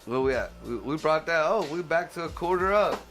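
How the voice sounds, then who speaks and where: A man hosting a show, ranting casually, swearing constantly, laughing and bursting into loud shouts. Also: a little high, animated, fairly quick, soft background music. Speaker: podcast host. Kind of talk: profane casual rant.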